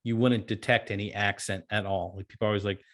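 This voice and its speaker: A man's voice: fairly low pitch, flat delivery, fast talker, fairly bright tone. A man who is an author and beekeeper, a guest in a casual interview, easygoing, telling anecdotes and laughing often.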